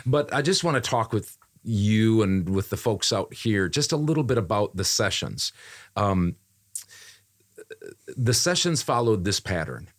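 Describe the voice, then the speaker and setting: This man's voice sits on the low side, with big swings in pitch and a measured pace. A voiceover artist, he walks through a recent job in a casual podcast chat, talking conversationally, repeating phrases and leaning on fillers.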